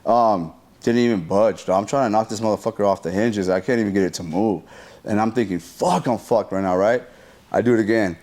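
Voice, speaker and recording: In a casual interview, a man with a lowish voice tells a story fairly quickly, using slang and profanity. He animates the retelling by acting out what people said and adding sound effects.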